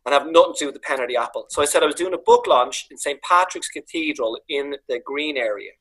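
Husky Dublin man telling stories. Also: a little high, fast, low-quality recording. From Ireland. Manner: animated anecdotes, acts out voices, swears freely. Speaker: comedian guest. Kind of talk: casual storytelling on a video call. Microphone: video call. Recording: video call audio.

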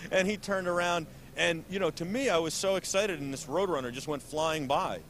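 A man's voice: on the high side, normal speed, fairly bright tone, a little hiss or hum. A man hosting an auto show interview, talking eagerly and animatedly and often repeating words. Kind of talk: enthusiastic interview. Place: busy convention hall booth.

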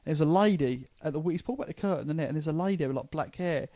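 A man's voice: a little high, very fast, mellow, no room sound. A young man with a London accent, co-hosting a comedy podcast, telling stories in a rambling way full of restarts. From England. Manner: rambling storyteller, stumbles and restarts. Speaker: podcast co-host. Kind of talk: casual comedy chat.

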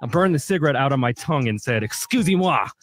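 A man's voice: mid-range voice, lively intonation, fast talker, faint music behind. A man co-hosting a radio show, reading a comic review in a dry, mock-pretentious storytelling manner from a studio.

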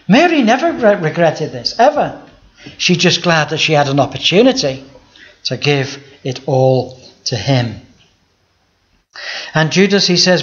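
A man's voice: fairly high pitch, animated, normal speed. A man, a pastor giving a sermon in a conversational style, often asking the audience rhetorical questions. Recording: dull lo-fi sound.

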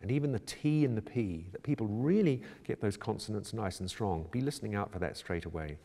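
A man working as a choir director, calmly explaining how to prepare a choral score in a measured, instructional way. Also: fairly low pitch. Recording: reverberant room with long echo.

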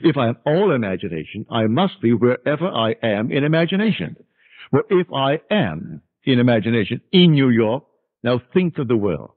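A man's voice: medium pitch, sing-song, normal speed, no room sound. Man lecturing through a tinny archival recording. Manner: emphatic, preaching cadence. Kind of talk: spiritual lecture.

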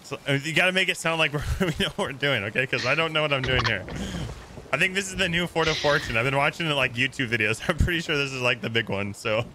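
A man streaming a pirate game, chatting casually and excitably, laughing and giving orders to his crew. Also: mid-range voice, fast talker, noisy background. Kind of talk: casual gaming chat.

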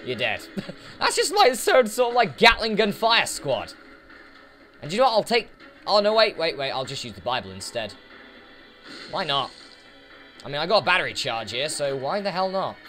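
A man's voice: fairly high pitch, very animated, moderate pace, pauses often, pushed and bright. A man giving casual let's play commentary, chatting to the enemies on screen as he plays, with game music behind him. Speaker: gaming YouTuber.

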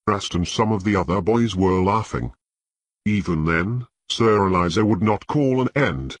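A man reading an audiobook in measured, scripted narration with a husky voice. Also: deep voice, dry recording.

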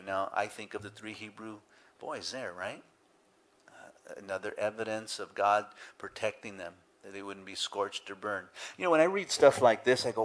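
Man preaching with rising fervor. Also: normal speed. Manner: rises loud and high when retelling scenes, drops soft for reflection; conversational, with fillers like "you know" and "right". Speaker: pastor. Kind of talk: sermon.

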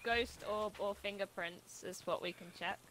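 A woman's voice: medium pitch, fairly even intonation, normal speed, a bit bright, poor audio. A woman playing a ghost-hunting game with friends, calling out clues and laughing often. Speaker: co-player. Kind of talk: casual gameplay chat.

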